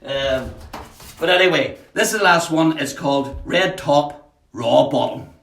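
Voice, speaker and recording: A man's voice: fairly high pitch, vocal fry, a bit bright, faint music behind. Chatty man, echoey room. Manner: chatty, greets viewers by name, halting with many fillers. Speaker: poet hosting a livestream. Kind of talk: casual live-stream chat and poetry reading. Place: at home, in a house.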